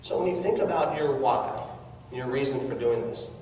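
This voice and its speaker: A man's voice: medium pitch, moderate pace, warm tone, slight background noise. A man giving a motivational network marketing talk, earnest and coaxing, asking his audience questions. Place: large hall with an audience. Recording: echoey hall recorded from far off.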